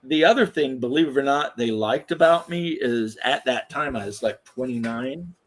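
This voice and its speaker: A man's voice: medium pitch, moderate pace, slight background noise. A man in his thirties, a former firefighter, telling rambling, profane stories in casual chat. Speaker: podcast host, former firefighter.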